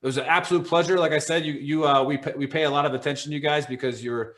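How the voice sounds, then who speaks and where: A man's voice: on the high side, steady tone, very fast, fairly bright tone. A man co-hosting a veterans podcast, telling stories in a blunt, profanity-heavy, casual way. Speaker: podcast co-host.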